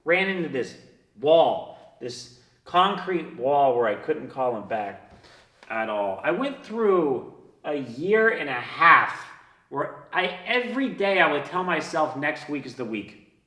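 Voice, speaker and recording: A man with a flu telling a personal story in a casual way. He swears a lot, laughs between lines and swings from loud to hushed. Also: on the high side, big pitch swings, slow. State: sick with a flu. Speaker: online business coach telling his story. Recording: echoey room.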